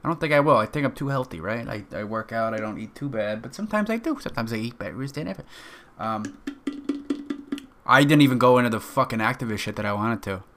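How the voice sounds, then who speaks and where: Bright-voiced young man rambling on a podcast. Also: mid-range voice, quick pace, slight background noise. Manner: rambling, profane, joking. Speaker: podcast host. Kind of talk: casual solo podcast monologue.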